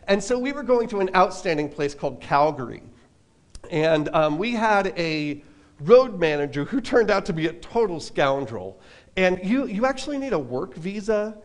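A man preaching a relaxed sermon at a church service, telling a personal story with casual asides. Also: a little high. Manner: casual, self-deprecating, lots of fillers and asides. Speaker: pastor.

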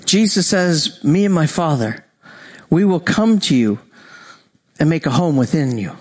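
A high-voiced male preacher tells a story in his sermon with animated energy, slipping into the voices of its characters and laughing often. He speaks a little slowly, with a breathy edge.

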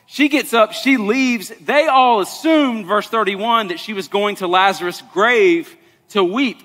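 A man preaching a sermon to a congregation, talking conversationally and dropping to soft, intense tones for weight. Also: high voice, measured pace. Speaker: pastor. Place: church sanctuary. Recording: long reverb of a large hall.

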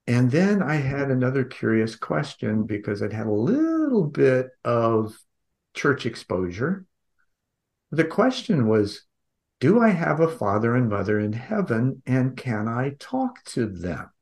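A man being interviewed on a podcast, telling a personal story in an earnest, gentle way with frequent restarts. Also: fairly low pitch. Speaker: podcast guest.

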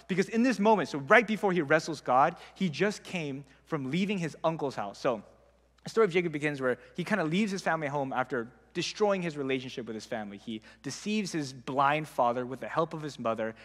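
A man's voice: fairly high pitch, a bit bright. Young man giving a casual Bible talk. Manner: conversational, frequent "like" fillers. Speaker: Bible teacher. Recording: long hall reverb.

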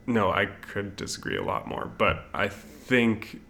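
A man in a casual awards chat, arguing his predictions in a measured way with frequent hedges. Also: on the low side, sing-song, creaky, sharp tone. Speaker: podcast co-host.

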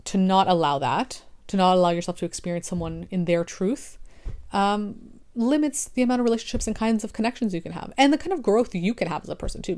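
A woman's voice: mid-range voice, darkish tone. A young adult woman, an online creator, talking through her thoughts in a casual, rambling monologue full of restarts.

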